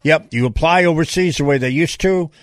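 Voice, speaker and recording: A man hosting a live talk radio show, brisk and punchy, backing his guest with quick agreements. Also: fairly high pitch, no room sound, studio quality. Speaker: radio host.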